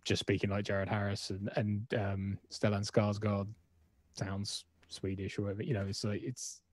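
A man's voice: lowish voice, completely flat delivery, normal speed, no echo, studio quality. A man co-hosting a live stream, chatting enthusiastically and laughing often. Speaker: stream co-host. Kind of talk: casual chat on a live stream.

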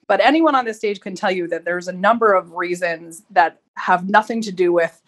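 A woman moderating an online music panel, chatty and lively. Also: fairly low pitch, normal speed. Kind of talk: casual panel talk.

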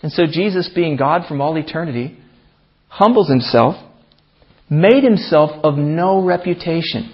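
A man preaching in a church, his voice husky and pitched a little high. He reads scripture with emphatic lifts and leans into key phrases. The archived recording sounds dull and muffled. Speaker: pastor. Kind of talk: sermon.

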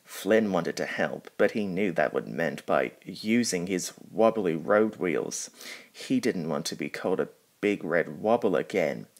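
A man reading a children's storybook aloud, slowly and carefully. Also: low voice, lively intonation. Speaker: storybook reader. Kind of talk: storybook narration.

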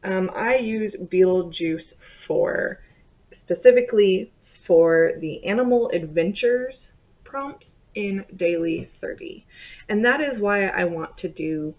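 A woman from southern Indiana with a slight Southern accent chats about her stitching, rambling and restarting her sentences with lots of fillers. Her voice has a gravelly fry. The recording sounds narrow and phone-like. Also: medium pitch, lively intonation, takes it slowly. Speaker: cross-stitch vlogger. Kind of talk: casual chat.

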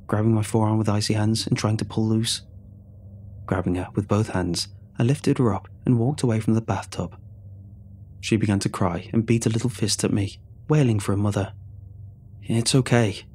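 A man reading a horror story aloud in a measured, somber way. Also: on the low side, steady tone, a little mellow, slight background noise. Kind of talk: scripted horror narration.

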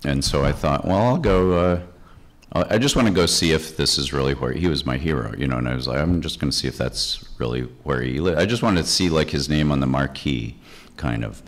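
A man in his fifties from Chicago with an exceptionally low, deep voice tells a long story on a convention stage. He rambles animatedly, peppering every sentence with "like." He sounds like a comics artist reminiscing for a crowd. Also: fairly quick. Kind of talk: anecdotal storytelling on a panel. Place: convention stage before an audience.

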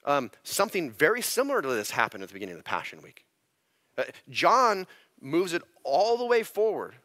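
Guy pastor preaching, bright voice, dry close sound, keeps restarting words. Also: fairly high pitch, very animated, brisk, no room sound. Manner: conversational, with frequent repeated words and restarts. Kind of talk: expository sermon. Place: church sanctuary.

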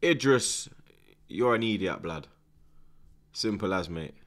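A man hosting a live football watchalong, reacting loudly to the match with slang and swearing, shouting instructions at the players. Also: on the low side, slow. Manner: excitable, shouts at the screen, heavy slang and swearing.

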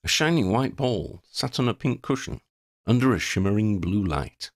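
A man narrating a fantasy story in an expressive, playful storybook reading. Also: on the low side, moderate pace, no echo, clean studio sound. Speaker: audiobook narrator.

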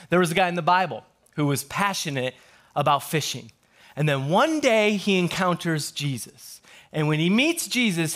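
A man's voice: a little high, fairly bright tone. Joking man preaching a sermon. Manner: joking storyteller, quick asides. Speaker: pastor. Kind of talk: humorous sermon. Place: church.

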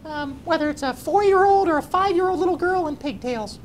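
A man's voice: very high-pitched, brisk, a little hiss or hum, pitched above the performer's own voice. A man putting on the voice of a four- or five-year-old girl while he explains.

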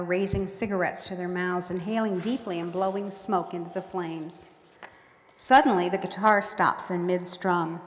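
A woman author reading her book aloud with folksy storytelling in a museum courtroom. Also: fairly low pitch. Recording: echoey hall with long reverb.

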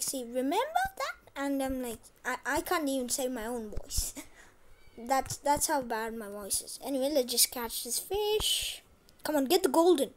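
A woman with a voice that sits high runs a gaming channel, chatting casually while playing a farming game and repeating short phrases to herself. There is slight background noise in this casual gameplay commentary.

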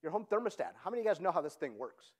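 An energetic man giving a keynote at a tech conference, often asking the audience "right?" as he goes. His voice is pitched high, and his delivery is lively and persuasive. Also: very fast. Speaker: conference speaker. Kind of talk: keynote talk.

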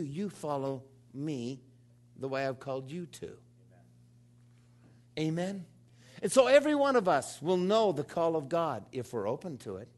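Animated man in his fifties preaching. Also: unhurried. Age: 50s. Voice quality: swings from low murmurs to loud, high exclamations. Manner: animated preaching with call-and-response to the congregation. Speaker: pastor. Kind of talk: sermon.

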